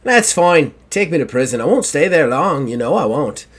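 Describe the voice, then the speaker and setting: A man's voice: fairly high pitch, very animated, moderate pace. A man voicing a defiant, scornful woman prisoner in a tabletop game. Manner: dismissive, cocky. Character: defiant grown woman tavern keeper, scornful.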